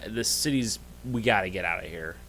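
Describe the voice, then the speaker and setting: A man voicing an eager, helpful male adventurer companion who rambles when he is excited, in a tabletop game. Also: on the low side, fairly quick. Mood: urgent.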